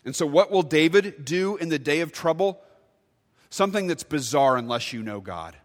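Pastor preaching in a reverberant hall. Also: male voice, on the high side, normal speed. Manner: storytelling, animated with sudden loud bursts. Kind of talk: sermon.

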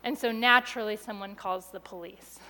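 A woman's voice: medium pitch, a little fast, a little hiss or hum. Woman storyteller in a reverberant hall. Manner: expressive, drops soft and quiet at tense moments, laughs between lines. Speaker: speaker telling a personal story. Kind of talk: dramatic personal storytelling.

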